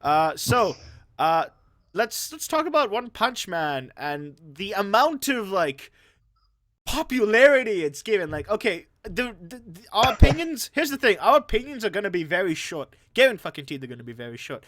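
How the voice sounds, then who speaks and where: A man's voice: sits high, very animated, normal speed, a bit bright, dry recording. A young man from Canada hosting a casual anime review chat, rambling with lots of fillers and restarts. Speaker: host.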